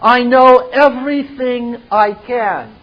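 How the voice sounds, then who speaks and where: A man's voice: very high-pitched, slow pace, highs cut off, pitched above the performer's own voice. A man voicing a self-assured, pompous, sophisticated male program, with grand and theatrical delivery. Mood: smug.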